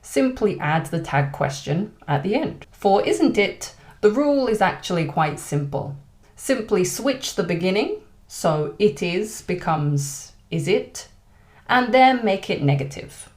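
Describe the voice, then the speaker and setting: British woman, English teacher, animated pitch, clear deliberate delivery. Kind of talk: online language lesson.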